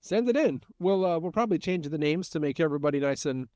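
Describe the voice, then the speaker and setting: A man's voice: a little high, lively intonation, quick pace, a little mellow, no room sound. A man co-hosting a podcast, telling funny stories casually and laughing often. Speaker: podcast co-host. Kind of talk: casual storytelling chat.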